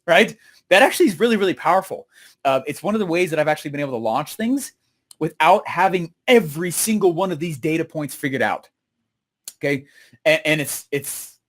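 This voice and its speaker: Host, male, fairly high voice, animated storyteller fielding live questions. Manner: energetic storyteller, many fillers and repeats. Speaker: host answering viewer questions. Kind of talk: live stream Q&A chat.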